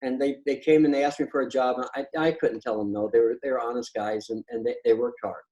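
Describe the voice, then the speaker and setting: Speaking fast in a warm, medium-pitched voice with fairly even intonation, this patio chat host spins casual stories. He's blunt and swears freely, stumbling and restarting as he goes, on a rough recording.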